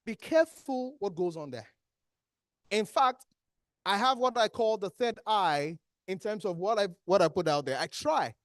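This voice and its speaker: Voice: mid-range voice, moderate pace, no echo, studio quality. A trainer with a Nigerian accent, leading an interactive workshop and quizzing the room. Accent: Nigerian English. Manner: animated, asks the room questions and answers them. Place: training hall with an audience.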